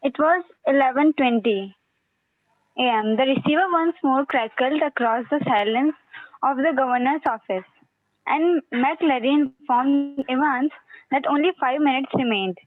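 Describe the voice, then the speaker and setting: A young woman reads a textbook passage aloud, steady and careful. Her voice sits high, and the sound is dry and thin like a phone line. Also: no echo. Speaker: student. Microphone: online class call. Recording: tinny dry call audio.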